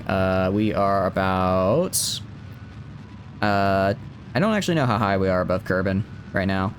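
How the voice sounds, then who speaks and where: A man's voice: deep voice, unhurried. A man streaming a video game in casual live commentary, thinking aloud and tripping over words as he restarts.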